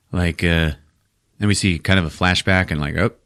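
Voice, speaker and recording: A man casually recapping a movie for a podcast, swearing, laughing and acting out the characters in quick voices. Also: low voice, a bit bright. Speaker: podcast host recapping a film.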